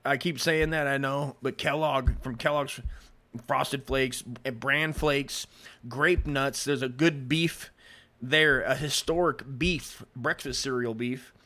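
A man hosting a casual history podcast, with a voice of middling pitch. He reads from his notes, trips over longer words, and keeps drifting into crude, rambling side remarks. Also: fairly even intonation, slow pace, pushed and bright. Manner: profane, rambling, stumbles over written words. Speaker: podcast host. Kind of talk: casual history commentary, reading aloud with asides.

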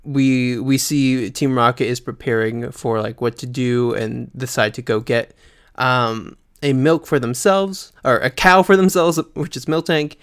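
Smooth-voiced man co-hosting a podcast. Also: medium pitch, steady tone, unhurried, fairly bright tone. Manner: chatty, laughs often, many fillers. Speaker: podcast co-host. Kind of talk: casual chat.

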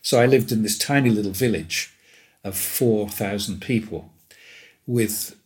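Speaking at a measured pace with a lowish voice, this older man from England, in his seventies, tells rambling, amused stories as a guest in casual conversation, breaking into laughter frequently.

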